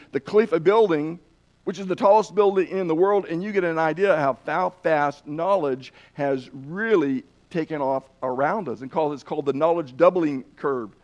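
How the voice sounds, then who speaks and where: A man preaching a sermon in an earnest way, often restarting phrases and pausing on fillers. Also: fairly high pitch, muffled recording.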